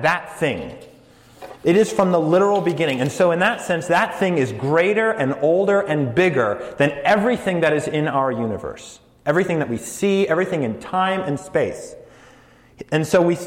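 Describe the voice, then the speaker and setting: A man preaching a sermon in a casual, joking way to his congregation. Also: a little high. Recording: echoey hall.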